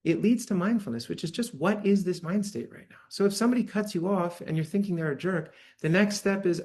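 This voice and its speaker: A man's voice: high voice, fairly quick, hardly any pauses, darkish tone. A man giving a dharma talk to a live audience in a church hall, speaking conversationally and often checking in with "right?". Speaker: meditation teacher.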